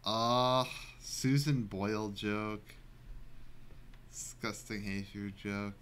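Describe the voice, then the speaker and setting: A man's voice: on the low side, fairly even intonation, slow, a bit bright, a little hiss or hum. A man giving wry, hesitant game commentary while he plays. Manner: wry, hesitant asides with fillers. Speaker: gameplay streamer.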